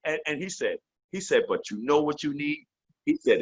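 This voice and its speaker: A man's voice: fairly high pitch, very animated, moderate pace, husky. A man in his fifties, a veteran MC guest in a casual interview, telling loose, profane stories and slipping into the voices of the people he quotes.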